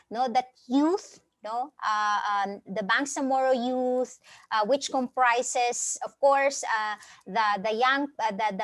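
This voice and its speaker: A woman speaking as a professor on a panel, earnest and halting, often tagging sentences with "no". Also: sits high, no echo. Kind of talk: speech at a webinar panel.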